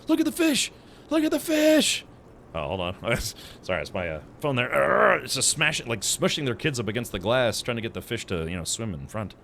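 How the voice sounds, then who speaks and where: Brief: male game streamer, sarcastic and chatty, very expressive pitch, faint hum behind. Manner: sarcastic, chatty, laughs at his own jokes; talks to chat. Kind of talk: casual live-stream chat while playing.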